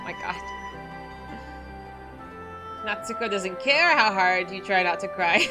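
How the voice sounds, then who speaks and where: A woman's voice: mid-range voice, lively intonation, normal speed, over music. Bubbly woman streamer chatting with her chat. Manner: bubbly, giggly, chatting to viewers. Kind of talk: casual live-stream chat.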